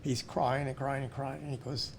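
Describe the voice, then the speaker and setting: A man's voice: medium pitch, little pitch movement, normal speed, vocal fry, slight background noise. A man, a pharmacy owner and school board member, talking earnestly in a casual interview and often restarting his words.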